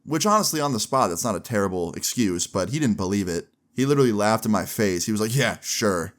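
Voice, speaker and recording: A young man recounting a personal story to camera in a relaxed, slangy vlog style. His voice sits a little low, and he keeps the telling lively. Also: fast talker. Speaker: vlogger.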